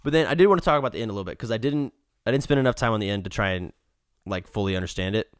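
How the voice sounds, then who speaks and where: Young man, podcast co-host, casual chat, low voice, dry close sound. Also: lively intonation, rapid-fire, clear, resonant tone, no echo. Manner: retells the dialogue in a chatty way, reads passages aloud, laughs often. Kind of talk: casual discussion of a philosophy text.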